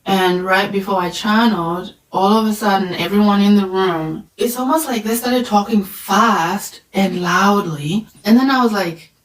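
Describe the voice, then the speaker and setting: A woman's voice: mid-range voice, measured pace, hardly any pauses, reverberant, low-quality recording. A woman and spiritual reader telling a personal story in a casual, chatty way, often saying "like" and "right?". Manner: chatty, frequent "like" and "right?" fillers.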